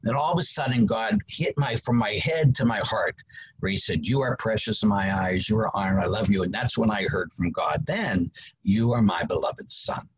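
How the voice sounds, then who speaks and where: A priest in his sixties tells his story in an interview like an animated preacher, acting out quotes with big pitch jumps. He speaks at normal speed with a slightly rough voice, and the sound is lo-fi.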